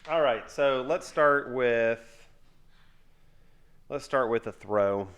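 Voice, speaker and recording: A middle-aged man at home playing a tabletop game with his son, calling out his moves and counting dice aloud in a quiet mutter. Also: mid-range voice, slow. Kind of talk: casual tabletop game play.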